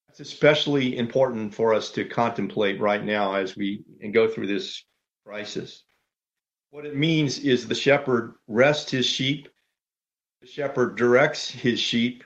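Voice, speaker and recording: Measured male pastor, dull lo-fi sound. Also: lowish voice. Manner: measured, orderly, lays out numbered points. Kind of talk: sermon.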